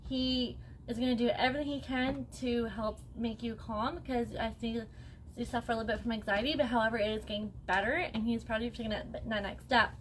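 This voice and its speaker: A woman's voice: fairly high pitch, steady tone, fast talker, slight background noise. A young woman acting as a psychic medium on a live stream, talking in a chatty, reassuring way and often checking in with "okay?". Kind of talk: live-stream spirit reading.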